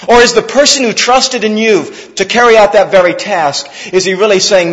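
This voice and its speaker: A man preaching a sermon in a fairly high voice, earnest and conversational, pressing his listeners with direct questions. His words ring out with a long reverb tail, as in a large hall. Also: moderate pace, few pauses, a bit bright, highs cut off. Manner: earnest, conversational, with rhetorical questions and sports metaphors. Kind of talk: expository sermon.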